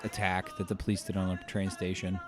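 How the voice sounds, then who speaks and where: Low-voiced man reacting, choked up. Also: flat delivery. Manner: rambling, halting, with many fillers and restarts; emotional, choking up. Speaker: podcast host. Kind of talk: casual commentary reacting to video.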